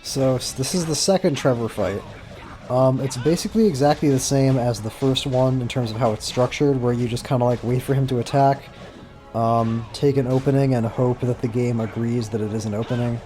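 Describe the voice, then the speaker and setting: A man talks through a game in loose, rambling commentary, full of ums and the odd swear word. His voice is mellow and dark, with faint game music behind him. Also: medium pitch, steady tone, a little fast. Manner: rambling, filler-heavy, casual swearing. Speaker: gameplay commentator. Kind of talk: casual gameplay commentary.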